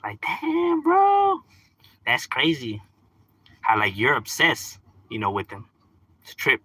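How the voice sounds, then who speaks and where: A man chatting casually, mixing English and Spanish, animated and profane. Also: fairly low pitch, unhurried, slightly rough. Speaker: livestream host. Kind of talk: casual chat.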